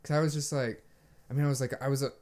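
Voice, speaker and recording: A man's voice: mid-range voice, very fast. A young man co-hosting a podcast, telling a rambling story with lots of fillers and swearing. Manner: rambling storytelling, many fillers, frequent swearing, animated quoting. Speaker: podcast co-host. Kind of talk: casual chat.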